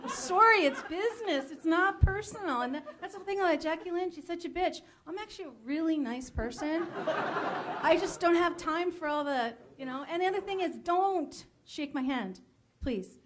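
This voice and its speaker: High-voiced woman, casting director, blunt and emphatic, laughs a lot. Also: animated, normal speed, noisy background. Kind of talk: candid advice talk.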